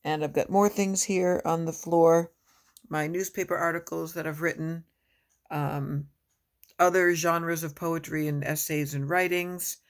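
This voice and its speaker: A woman's voice: sits low, fairly even intonation. Chatty woman reading her own poems. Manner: chatty and rambling between poems, reads slowly and tenderly. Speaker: poet. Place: home, at her desk.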